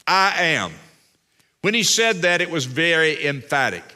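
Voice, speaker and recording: Pastor guy preaching real slow, fairly high voice, leans hard on repeats. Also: big pitch swings, pushed and bright. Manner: emphatic preaching with repeated phrases. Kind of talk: sermon.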